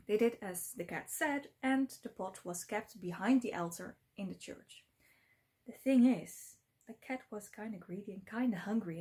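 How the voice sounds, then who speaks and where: A woman's voice: mid-range voice, darkish tone. Casual woman storyteller, mid-range voice, loose and conversational. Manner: chatty and informal, with many fillers. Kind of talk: casual folktale retelling.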